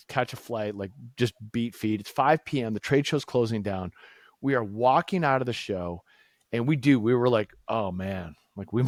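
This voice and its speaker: A man's voice: on the low side, no room sound. A man, telling a story on a podcast in a casual way and acting out the dialogue with big jumps in his voice. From Massachusetts, USA. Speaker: co-founder telling the company story.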